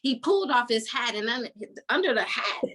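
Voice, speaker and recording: A woman's voice: a little high, moderate pace, husky. A woman hosting a casual book-club podcast, retelling the story in a frank, slangy way and laughing often. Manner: animated storytelling, voicing characters' lines. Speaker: podcast host.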